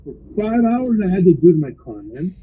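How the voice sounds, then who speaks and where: A man's voice: high-pitched, moderate pace, husky, phone-quality sound. A man who drives for a rideshare service, casually telling a wild story from inside his car, quoting his riders and saying "bro" again and again. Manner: animated retelling with constant "bro".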